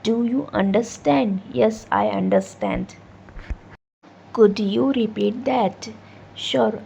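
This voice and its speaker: A woman reading short practice sentences for English learners, one pair at a time, slowly and deliberately. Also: a little high, creaky, warm tone. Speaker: English teacher. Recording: dull lo-fi with faint background noise.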